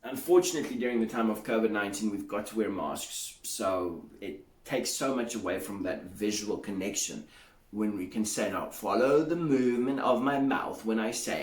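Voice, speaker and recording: A man's voice: on the low side, echoey room. A man, an English teacher, giving a pronunciation lesson and drilling sounds aloud by repeating them.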